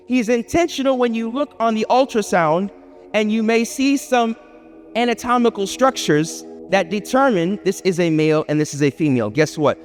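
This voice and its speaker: A man giving a lively public lecture, asking the audience questions and acting out little scenes. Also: sits high. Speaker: Islamic speaker. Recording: hall reverb with faint music.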